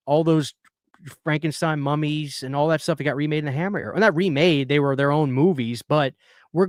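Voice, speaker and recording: A man's voice: a little high, no echo, studio quality. A man hosting a casual live stream, earnestly chatting and reading viewer messages aloud. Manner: earnest, talkative, reads chat aloud.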